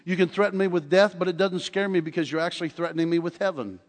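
An older man preaching a sermon in a church, telling stories with animated humor. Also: sits high, fast talker. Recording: long hall reverb.

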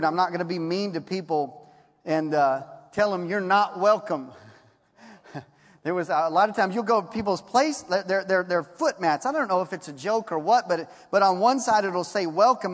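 A man preaching a sermon in a folksy storytelling way, reading scripture slowly. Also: high voice, big-room sound.

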